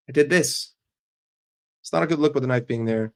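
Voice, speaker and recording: Streamer guy reading chat out loud, swears a lot, blunt and jokey, normal mid voice. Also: mid-range voice. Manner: blunt and profane, answers chat with quick jokes. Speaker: livestream host. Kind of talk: casual live stream chat, reading and answering chat messages.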